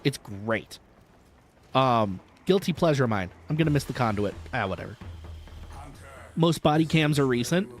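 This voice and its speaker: An American vtuber streamer chats and jokes with his viewers during a live game stream, loose, playful and animated. His voice is mid-range at a moderate pace, broken by long pauses. Soft music plays in the background.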